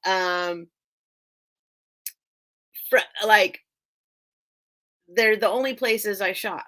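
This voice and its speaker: A woman hosts a live sale stream in a loose, chatty way, wandering off topic and laughing as she goes. Her voice is bright and a little sharp, and she talks in an unhurried, drawn-out manner. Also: mid-range voice. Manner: rambling, chatty, laughs often, loses train of thought. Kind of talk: casual live-stream chat.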